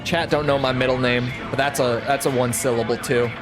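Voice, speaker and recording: A man's voice: medium pitch, fairly even intonation, a little fast. A man chatting casually to his viewers while playing a flight game, rambling and swearing freely. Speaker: gaming streamer. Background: game music and jet engine sounds.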